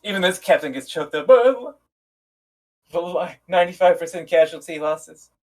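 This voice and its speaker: A man's voice: fairly high pitch, expressive, moderate pace. Male game master, casual and loose, cursing and chuckling through his narration. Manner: casual, laughing, swears freely. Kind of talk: narrating a tabletop game on a live stream.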